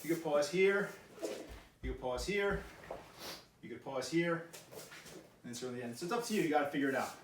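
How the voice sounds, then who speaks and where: A man leads a karate workout, giving brisk tips and short barked commands. His voice sits a little high and carries through a roomy hall. He is picked up from a distance with faint background noise. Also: expressive. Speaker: karate instructor. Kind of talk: coaching a workout class. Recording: echoey room, mic far off.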